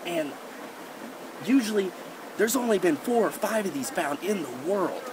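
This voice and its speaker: A man's voice: high voice, expressive, normal speed. Young man, mock nature guide, rambling fake-expert delivery, recorded outdoors on a noisy camera mic. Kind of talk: goofy deadpan nature-show parody. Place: outdoors in woods and rocky creek bed. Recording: outdoor camera audio with noise.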